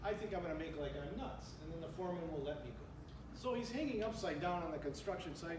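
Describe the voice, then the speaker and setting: A man's voice: on the high side, lively intonation, fast talker, recorded from a distance, noisy background. An older man doing stand-up at a club event, telling jokes, laughing at his own punchlines and bantering with the audience. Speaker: stand-up comedian. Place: club function room with a live audience. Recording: echoey room recorded from afar, crowd laughter.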